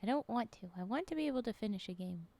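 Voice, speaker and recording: A woman streamer chatting casually with her viewers while playing a game. She laughs often, is playful, and drops into quiet muttering and half-whispers while she concentrates. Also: on the high side, expressive, fast talker. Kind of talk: casual chat while gaming.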